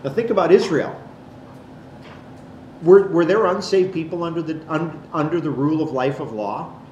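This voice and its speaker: A man's voice: on the high side, moderate pace, a little mellow, lo-fi sound. A man giving an explanatory Bible teaching to a class, pointing things out on a board. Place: classroom or church hall. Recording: echoey room, faint background noise.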